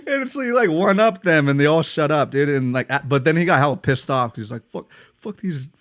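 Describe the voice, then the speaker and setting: A man's voice: a little high, expressive, fast, a bit bright, dry recording, studio quality. An American man hosting a podcast, telling stories casually, swearing freely and laughing often. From United States. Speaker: podcast host. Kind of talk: casual storytelling chat.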